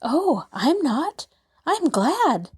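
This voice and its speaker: A cheerful little girl with a bright, eager, earnest voice, as a woman puts her on. Her pitch climbs high and bounces freely. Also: big pitch swings, very slow, exaggerated voice.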